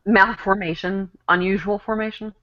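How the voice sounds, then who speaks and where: A woman on a casual online panel, explaining a topic in a wry, measured way over a video call. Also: medium pitch, fairly even intonation, highs cut off.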